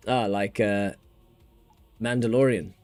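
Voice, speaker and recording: A man's voice: fairly low pitch, steady tone, slow, darkish tone, faint music behind. A man with a New Zealand accent hosting a casual gaming livestream, rambling and joking as he talks and laughs often.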